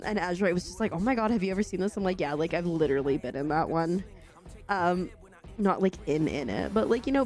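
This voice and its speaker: Young woman, streamer, casual storytelling, fillers and giggles, desk mic, soft music behind. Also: mid-range voice. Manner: chatty, rambling, quick laughs and lots of fillers. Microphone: studio desk mic.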